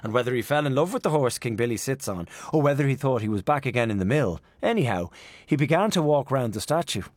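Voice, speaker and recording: A man voicing a genial gentleman in a storybook reading, telling a tale in a mock-grand, humorous manner. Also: mid-range voice, expressive, quick pace, no room sound, pitched above the performer's own voice, close to an everyday voice.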